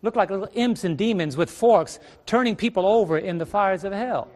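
A man's voice: sits high, a little fast, a little mellow. A middle-aged male preacher teaching a Bible study sermon on a ministry stage, asking rhetorical questions and repeating his phrases.

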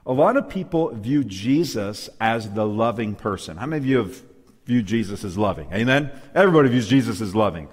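A man's voice: lowish voice, expressive, fairly quick, long reverb tail. A man preaching a sermon, emphatic and asking his listeners questions. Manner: emphatic, asks the audience questions. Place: church hall, live audience.

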